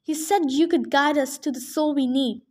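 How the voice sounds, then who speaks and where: A smug, greedy three-bodied monster rancher, as a woman reading a storybook aloud puts him on, all smooth sales patter and dismissive asides. The voice sits high in pitch. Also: moderate pace, darkish tone, lightly acted.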